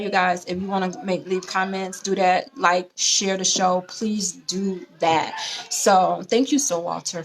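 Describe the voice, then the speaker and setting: Animated woman hosting a relationship talk show. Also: on the low side, creaky. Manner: animated, preachy, acts out quoted voices. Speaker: host. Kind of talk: casual advice talk show.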